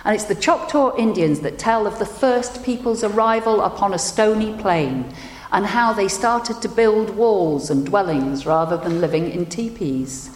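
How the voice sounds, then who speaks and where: A woman minister giving a sermon and leading a prayer, telling stories in a measured, gentle way. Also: mid-range voice. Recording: echoey hall with long reverb.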